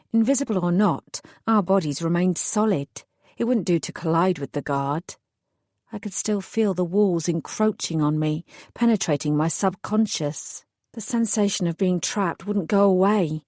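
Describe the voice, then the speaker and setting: Brief: woman, audiobook narrator, lowish mellow voice, dry close sound. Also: no room sound. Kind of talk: first-person audiobook narration.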